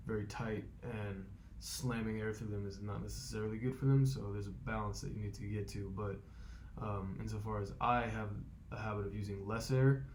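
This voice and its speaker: A man talking through his vocal warm-up routine, explaining step by step and thinking aloud with fillers. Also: lowish voice, a little hiss or hum. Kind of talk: casual instructional vlog.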